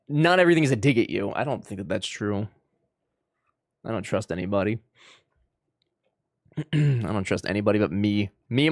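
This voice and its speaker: A man streams a game and chats live with his viewers, playful and teasing, full of jokey banter. His medium-pitched voice comes through in studio quality with no echo.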